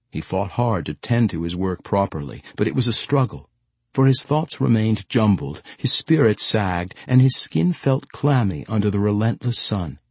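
Low husky male narrator, lively intonation, measured fantasy audiobook read. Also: dry recording. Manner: expressive, measured storytelling.

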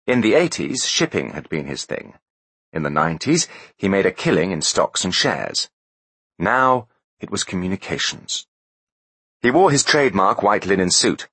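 A man narrating a story aloud in a scripted, expressive storytelling manner. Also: low voice, slightly rough, no echo. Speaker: audiobook narrator.

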